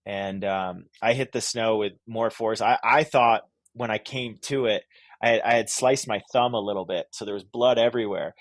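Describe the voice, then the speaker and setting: A man's voice: lowish voice, normal speed, dry recording. Male podcast guest from Vermont, middle-aged, chatty and meandering, dry close mic. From Vermont, USA. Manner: rambling, lots of "like" and "you know", restarts. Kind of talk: casual podcast chat.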